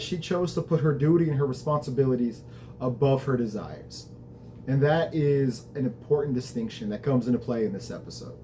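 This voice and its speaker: A show host casually recaps a TV episode, sounding conversational and reflective and letting slip the occasional swear word. His voice is mid-range with a darkish tone, and there's a little hiss or hum in the recording.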